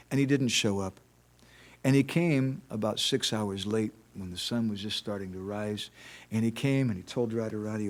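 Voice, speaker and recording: Man, temple lecturer; conversational devotional talk with stories and rhetorical questions. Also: on the low side. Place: temple hall.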